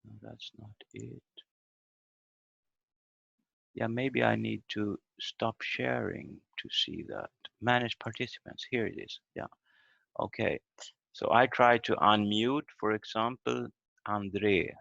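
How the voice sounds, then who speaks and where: A man teaching a language lesson over a video call, explaining step by step with halting fillers. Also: lowish voice, fairly even intonation, vocal fry, fairly bright tone, dry recording. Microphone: computer mic on a video call. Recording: dull lo-fi video call audio.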